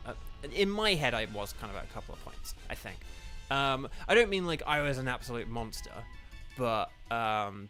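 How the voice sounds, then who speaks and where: A man's voice: mid-range voice, bright, forceful tone. A man streaming a game and chatting casually with his viewers, rambling and correcting himself with lots of fillers. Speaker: voice actor streaming a game with chat. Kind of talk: casual live-stream chat while gaming. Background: faint game music.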